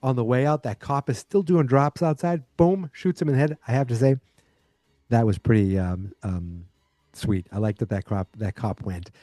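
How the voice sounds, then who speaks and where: Warm and mid-range, this man's voice moves at a moderate pace over a clean, dry studio recording. As the podcast's host, he loosely retells an episode, wandering through it with plenty of filler words.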